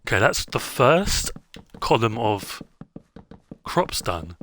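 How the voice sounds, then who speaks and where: A man's voice: medium pitch, very animated, slow pace, fairly bright tone, slight background noise. A man streaming a game, chatting casually in a rambling way, with many fillers and self-interruptions. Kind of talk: casual gameplay chat.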